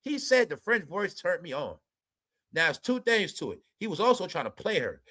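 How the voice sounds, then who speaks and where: A man's voice: high voice, sing-song, moderate pace, sharp tone. A man hosting an entertainment commentary show, ranting emphatically and profanely straight to his viewers. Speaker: commentary channel host.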